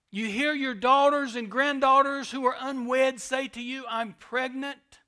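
Impassioned high-voiced male preacher. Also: fairly even intonation, measured pace, few pauses. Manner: impassioned preaching, swings from loud to hushed. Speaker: pastor. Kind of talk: sermon.

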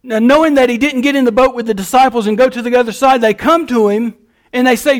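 A male pastor delivering a sermon with a lilt. His voice is notably high for a man, and he preaches in a folksy style, leaning hard into his emphases. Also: fast talker.

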